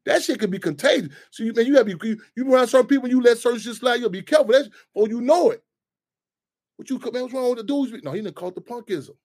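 Heated, high-pitched man hosting a radio show. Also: fast talker. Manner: animated, heated, swearing freely. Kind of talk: casual talk radio monologue.

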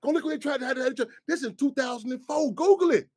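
A man's voice: extremely high pitch, fast, a little mellow. A man hosting a radio talk show, speaking in loose, profane street talk full of restarts.

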